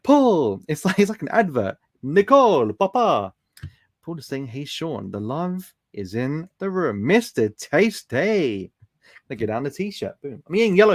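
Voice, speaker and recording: A man's voice: mid-range voice, no room sound, studio quality. A man chatting casually on a live stream, reading viewer comments aloud in an affectionate, laughing way.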